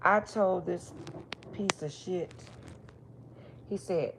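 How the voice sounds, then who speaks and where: A woman's voice: fairly low pitch, extremely slow, gravelly, noisy background. A middle-aged woman, a spiritual reader, telling a personal story in a blunt, emphatic, profane way. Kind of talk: casual storytelling monologue.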